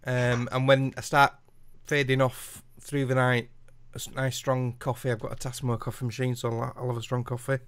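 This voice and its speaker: A British man in a casual podcast chat, relaxed and quick to laugh. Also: mid-range voice.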